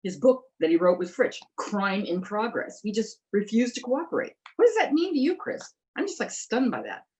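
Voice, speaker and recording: A woman's voice: mid-range voice, sing-song, moderate pace, few pauses, darkish tone, rough recording. A middle-aged woman on a political discussion show who talks in an emphatic way, stumbling over words now and then. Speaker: interviewer, investigative journalist.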